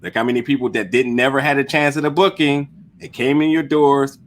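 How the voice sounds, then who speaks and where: A man's voice: medium pitch, fairly even intonation, brisk. A man hosting a casual podcast chat, speaking earnestly and encouragingly. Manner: earnest, encouraging, laid-back.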